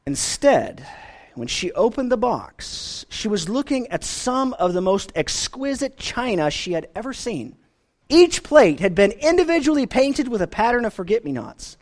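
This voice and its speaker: Man, pastor, earnest sermon delivery; high, very animated pitch. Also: normal speed. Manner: earnest preaching, rising and falling emphasis.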